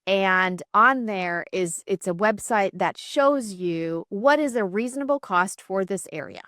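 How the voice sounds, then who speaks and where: A woman's voice: medium pitch, animated, a little slow, fairly bright tone, dry recording. Female dentist co-host, direct and coaching, dry close recording. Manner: direct, advising, cuts in with pointed suggestions. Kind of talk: casual podcast chat.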